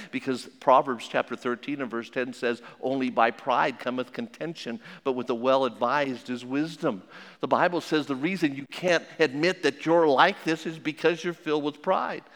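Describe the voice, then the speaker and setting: A man preaching a sermon as pastor, emphatic, swinging between loud and hushed. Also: mid-range voice, long reverb tail.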